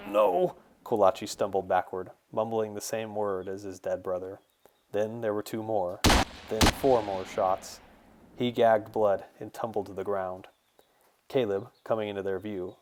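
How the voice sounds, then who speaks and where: A man, the author, reading his fantasy novel in a steady, measured storytelling voice. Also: on the low side. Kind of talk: audiobook narration.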